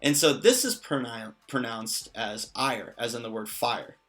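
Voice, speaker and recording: A man's voice: mid-range voice, a little slow, fairly bright tone, faint music behind. A man explaining pronunciation in a casual lesson, patient and lightly joking. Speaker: language teacher.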